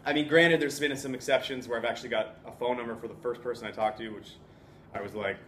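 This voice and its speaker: A man's voice: medium pitch, steady tone, fast, fairly bright tone, a little hiss or hum. Chatty young man in echoey room. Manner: chatty, upbeat, laughs often, acts out others' lines. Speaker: vlogger. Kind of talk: casual vlog talk. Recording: echoey room, faint ambience.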